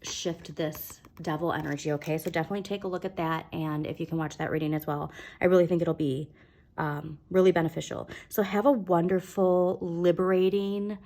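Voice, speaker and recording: A woman gives a casual tarot reading in a lowish voice with a gravelly edge. She talks warmly and encouragingly, stops often to check in with her viewers, and keeps her fillers. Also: steady tone, fairly quick. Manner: warm, encouraging, often asks "okay?"; fillers and restarts. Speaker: tarot reader.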